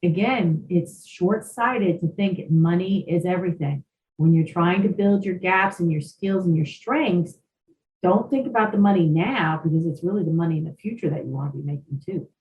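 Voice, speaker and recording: A woman's voice: lowish voice, moderate pace, highs cut off. Roomy, distant-sounding chatty woman. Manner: lively, talkative, tells anecdotes. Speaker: podcast co-host, career coach. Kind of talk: casual chat. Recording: roomy, distant mic, faint background noise.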